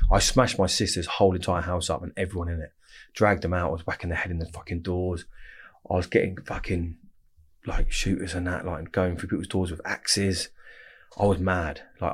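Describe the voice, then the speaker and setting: A man, bluntly telling his story in a casual interview, swearing often and rambling. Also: low-pitched. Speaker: interview guest.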